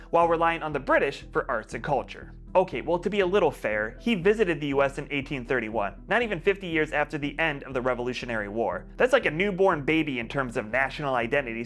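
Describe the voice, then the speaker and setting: A man's voice: fairly high pitch, a bit bright. An American man giving scripted video commentary, full of wry, sarcastic asides. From United States. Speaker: video essayist.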